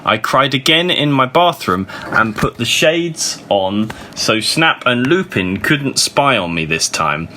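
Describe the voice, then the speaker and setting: A man giving a comedic reading of a story, laughing often and shouting the characters' lines. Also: medium pitch, big pitch swings, slow pace, hardly any pauses, slight background noise. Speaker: reader. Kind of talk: comedic dramatic reading of fan fiction.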